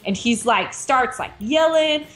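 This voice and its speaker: A woman game designer telling a casual story as a guest, animated and full of "like" fillers. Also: sits high, measured pace, soft background music. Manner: animated, heavy use of "like" fillers.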